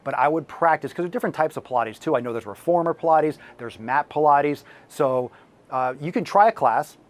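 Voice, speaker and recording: Blunt, profane man, slightly hoarse. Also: a little high, lively intonation, a little fast. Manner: blunt and profane, ranting at times. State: slightly hoarse, losing his voice. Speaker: fitness channel host. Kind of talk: answering viewer questions.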